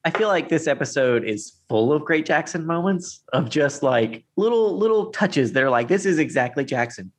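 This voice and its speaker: Rambling, jokey podcast co-host, mid-pitched. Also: animated, moderate pace, few pauses. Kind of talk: casual chat recapping a TV episode.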